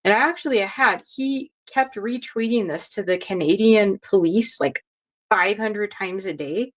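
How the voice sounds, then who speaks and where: A woman's voice: mid-range voice, measured pace. Chatty woman telling a story. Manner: animated, chatty, quotes others in dialogue. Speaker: guest. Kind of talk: casual storytelling in an interview.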